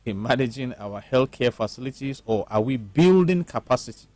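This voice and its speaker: A man, a lawyer on a panel, explaining his views in a measured, lecturing way. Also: mid-range voice, animated, darkish tone, no echo. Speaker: lawyer guest. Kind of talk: panel discussion.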